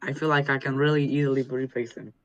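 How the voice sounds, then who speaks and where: A man's voice: mid-range voice, little pitch movement, fast, fairly bright tone. A man co-hosting a podcast in casual chat, teasing and joking, repeating words as he thinks. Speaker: podcast co-host. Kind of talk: casual group chat over a call. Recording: dull lo-fi audio.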